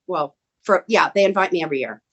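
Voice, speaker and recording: A woman's voice: fast talker, highs cut off. A middle-aged American woman, a guest actress telling stories animatedly in casual chat over a video call. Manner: animated, acts out quotes in a high voice. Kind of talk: casual storytelling.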